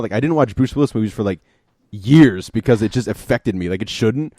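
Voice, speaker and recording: A man's voice: mid-range voice, fast, no echo. Rambling casual man, dry close mic. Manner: rambling, filler-heavy, animated storytelling. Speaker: podcast co-host. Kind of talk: casual chat.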